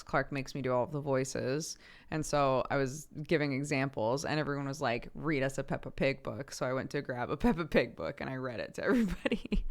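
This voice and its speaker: A man's voice: a little high, fairly bright tone, clean tone. A young man streaming, chatting casually with viewers, reading out their messages and laughing often.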